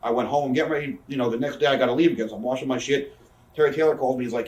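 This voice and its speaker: Speaking off-mic in a roomy, echoing space, this thirty-something interview guest rattles off profane stories and voices the people he quotes. His mid-range voice has a darkish tone and fairly even intonation.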